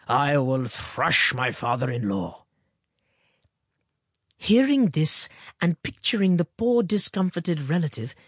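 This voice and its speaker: A woman reads a classic story aloud in a measured, expressive way, and her pitch rises and falls in a lively manner. Her voice has a husky, slightly breathy grain. The recording is close and dry, with no room sound. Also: dry recording. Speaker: audiobook reader. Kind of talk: scripted narration of a short story.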